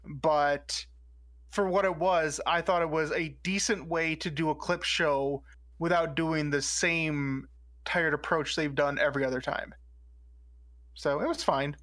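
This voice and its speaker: A co-host with a bright, forward tone speaks earnestly in defense of the show. The delivery sits at a middle pitch, relaxed and conversational. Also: a little slow. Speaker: podcast co-host. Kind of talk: casual chat reviewing a TV episode.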